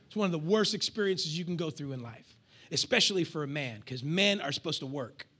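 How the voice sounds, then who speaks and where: A male pastor preaching a lively sermon to his congregation, with call-and-response and acted asides. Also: on the high side, fairly quick, breathy edge.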